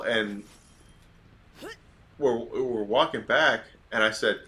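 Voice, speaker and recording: A man from Georgia streams a game while telling a long story in a casual, rambling way, drifting off on tangents. His fairly low voice is steady yet sharp, measured in pace with frequent pauses, and there's a little hiss or hum.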